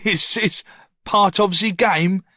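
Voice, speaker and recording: A man's voice: sits high, steady tone, slow pace, bright, forceful tone, dry recording, clean studio sound, voice pushed up, full character voice. A man voicing a hulking, brutish thug who taunts and mocks. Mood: mocking.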